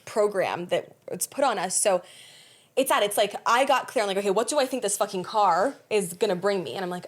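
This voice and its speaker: A young adult woman hosting a podcast, talking bluntly in a casual, animated way, with frequent swearing. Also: mid-range voice, fairly quick. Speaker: podcast host.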